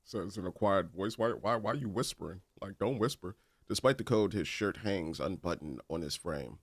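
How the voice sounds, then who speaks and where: Low-voiced man playing a game. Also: lively intonation, moderate pace, no room sound. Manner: reads game text aloud with joking asides. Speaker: game streamer. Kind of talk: casual gameplay commentary.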